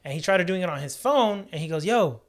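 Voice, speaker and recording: A man's voice: high voice, animated, quick pace. A man co-hosting a podcast, telling funny family stories in casual chat, laughing and swearing freely. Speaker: podcast co-host.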